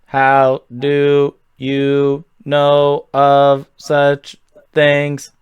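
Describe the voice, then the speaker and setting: A man doing a slow, stiff drone robot voice. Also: mid-range voice, completely flat delivery, clear, resonant tone, no echo, dull audio. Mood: stern. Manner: slow, stiff, halting speech. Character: menacing robot voice from a drone speaker.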